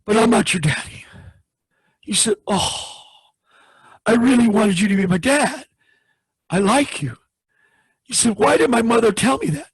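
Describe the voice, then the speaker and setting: A man preaching as he tells a testimony story, acting out each person in it with big swings of pitch. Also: unhurried, long pauses, husky, dry recording, poor audio. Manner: dramatic retelling, acts out the voices in the story with big pitch swings. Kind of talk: sermon storytelling.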